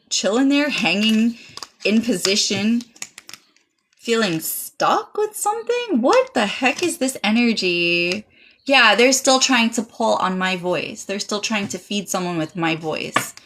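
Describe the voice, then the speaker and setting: A woman's voice: medium pitch, a bit bright, slight background noise. A woman streaming a live tarot reading, chatting casually and dramatically, pouring thanks on her viewers. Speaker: livestream tarot reader.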